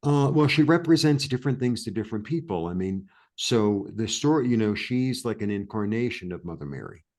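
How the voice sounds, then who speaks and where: A man from New York, a guest in an interview, telling a story in a rambling, animated way with many restarts and fillers. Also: on the low side, a little fast, few pauses. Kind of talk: casual storytelling chat.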